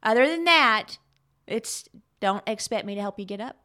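A woman's voice: on the high side, expressive, normal speed, sharp tone. A middle-aged woman co-hosting a talk show, telling stories animatedly and laughing often. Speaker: podcast co-host. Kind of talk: casual chat.

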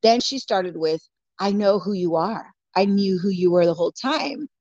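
A woman's voice: mid-range voice, normal speed, a little mellow, dry recording. A woman from California telling a story in casual chat, bluntly, with lots of swearing and "like" fillers. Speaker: guest. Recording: dull lo-fi dry audio.

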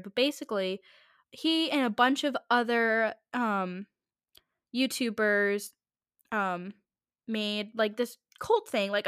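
A woman's voice: medium pitch, a bit bright, smooth, no echo, clean studio sound. A woman hosting her own podcast, talking in a chatty, rambling, jokey way. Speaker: podcast host. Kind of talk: casual rambling podcast monologue.

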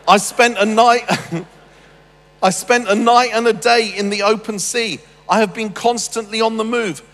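Lively, joking preacher in a hall. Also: male voice, high voice, measured pace. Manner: humorous, animated storytelling with asides. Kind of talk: sermon. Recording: long reverb with faint music.

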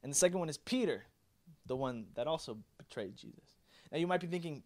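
A young man delivers a youth sermon with a slightly higher-than-usual voice. His talk is casual and animated, loose with fillers and restarts, and he acts out the lines of the people he talks about. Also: a little fast. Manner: casual, animated preaching with many fillers and acted-out quotes. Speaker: youth pastor.

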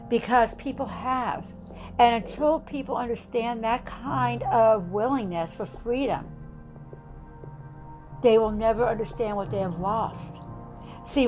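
Woman, fairly high voice, impassioned political monologue, emphatic, repetitive, grave warnings, faint music behind. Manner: emphatic, rousing, repeats lines for effect.

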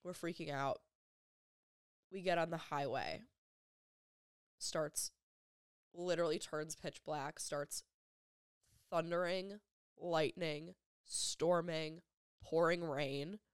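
A young woman with a lowish voice tells a painful personal story on her vlog. She speaks in halting, emotional bursts, circling back on her words and filling gaps with "like". The sound is close and dry, with no room echo. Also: fairly even intonation, clean tone. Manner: halting, emotional retelling with repeated phrases and many "like" fillers. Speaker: vlogger.

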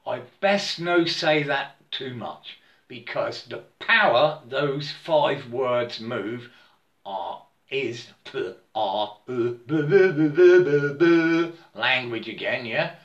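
A man with an animated, mid-range, fairly bright voice stammers through a repetitive, rambling spiritual monologue, frequently pausing to ask "yeah?" The sound is lo-fi with a roomy echo.

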